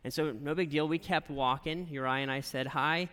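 A man preaching from the pulpit, his voice a little high and strikingly bright and forceful. He talks like an animated storyteller and keeps tossing "right?" to the congregation. A long hall reverb trails behind every phrase. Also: moderate pace, clean tone. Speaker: pastor. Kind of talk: sermon with a personal story.

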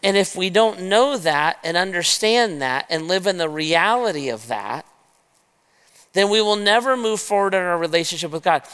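A man preaching a sermon, retelling a scripture story in a lively way and talking straight to his listeners as "guys". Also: high-pitched, normal speed, clean tone. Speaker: pastor. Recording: long reverb of a large hall.

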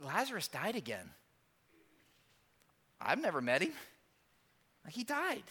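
A man preaching a sermon as pastor, asking rhetorical questions, swinging between hushed and emphatic delivery. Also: high-pitched, wildly swooping pitch, slightly rough. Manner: dynamic preaching with rhetorical questions and dramatic pauses.

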